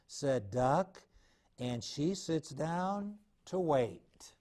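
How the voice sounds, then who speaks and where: An older man reading a children's picture book aloud, slow and gentle. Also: on the high side, sing-song. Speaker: storyteller.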